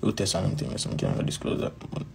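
Speaking very fast over heavy background noise, a Jamaican-accented man, a dancehall artist, rambles casually through a personal story. He keeps repeating phrases and addresses the listener as "bro."

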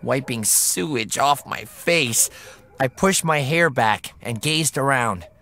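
A man's voice: medium pitch, expressive, slow pace, sharp tone. A man narrating a children's horror audiobook in a dramatic, emphatic way. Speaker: audiobook reader. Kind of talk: scripted narration.

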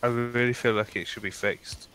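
A man playing a multiplayer game with friends, casual and deadpan, thinking aloud as he goes. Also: mid-range voice, moderate pace, smooth. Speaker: co-player.

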